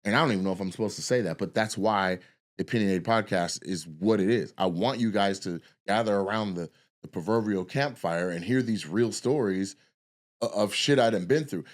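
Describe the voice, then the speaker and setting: This man's voice is on the low side and brisk. He's a comedian hosting a podcast, spinning a long, profane, casual yarn that rambles and keeps starting over.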